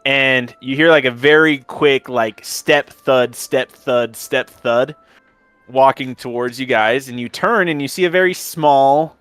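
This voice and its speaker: A man's voice: medium pitch, a little slow, a bit bright, clear, resonant tone, dry recording, soft background music. A man running a tabletop game as game master, narrating in a casual, rambling way full of fillers.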